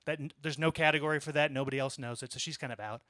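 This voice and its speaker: A man in his thirties performs a stand-up set in a small comedy club, telling a long story in a bright, fairly high voice. He keeps it conversational, with deadpan asides, and the sound is dry and close on a handheld mic. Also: very fast, no room sound.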